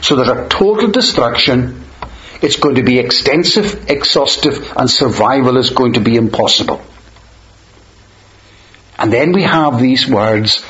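Slow, measured man preaching a sermon. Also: mid-range voice, lively intonation, a bit bright. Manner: measured, emphatic, slows on quoted verses. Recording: dull lo-fi sound in a roomy space.

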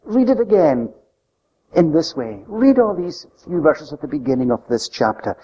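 A man preaching a sermon with an emphatic delivery that swings between loud, high stresses and soft, low drops. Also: sing-song, normal speed, slightly rough. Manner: emphatic, rising and falling delivery. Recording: lo-fi recording with long hall reverb.

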